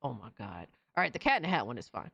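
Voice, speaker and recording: Woman streamer reading chat, swears a lot, gets loud and worked up, dry close sound. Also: a bass voice, fast, creaky, slightly rough, no echo. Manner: excitable, profane, reacts loudly to chat messages. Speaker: livestream host reading chat.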